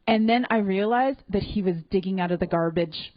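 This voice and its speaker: A woman's voice: mid-range voice, fairly quick, lo-fi sound. A young woman with a Canadian accent doing a self-deprecating stand-up comedy set on a club stage, chatty and full of fillers. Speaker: stand-up comic.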